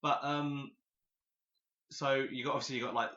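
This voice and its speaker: Man with a bright, roomy lo-fi sound. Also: mid-range voice, steady tone, moderate pace. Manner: hesitant, restarts often, swears casually. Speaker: podcast co-host. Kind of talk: casual chat. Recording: dull lo-fi echoey room.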